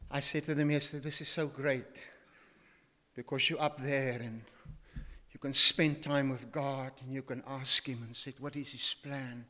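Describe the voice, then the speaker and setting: A man's voice: mid-range voice, fairly even intonation, measured pace, sharp tone, in a large hall. An older man preaching a sermon in a church, emphatic and full of rhetorical questions as he quotes scripture. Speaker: pastor.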